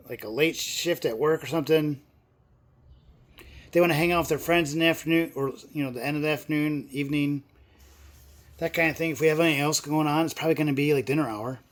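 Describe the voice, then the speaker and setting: A middle-aged man chats casually on his vlog, wandering from point to point with plenty of fillers. His voice sits a little high for a man. Every so often he bursts out with excitement. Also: brisk. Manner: rambling, filler-heavy talk with excited outbursts. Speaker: movie vlogger. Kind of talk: casual chat.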